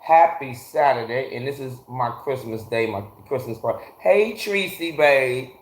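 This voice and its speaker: A man's voice: mid-range voice, animated, a little slow. A man hosting a casual livestream, ranting bluntly with lots of swearing and greeting his chat viewers by name, talking into a phone from a garage. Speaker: livestream host. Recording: echoey garage.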